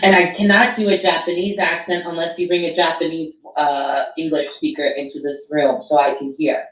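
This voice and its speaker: Mulher franca e brincalhona, fala casual com palavrões, voz um pouco grave, gravação com eco de sala. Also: female voice, low-pitched, flat delivery, moderate pace, fairly bright tone, echoey room, rough recording. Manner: blunt, profane, joking. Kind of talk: casual live chat.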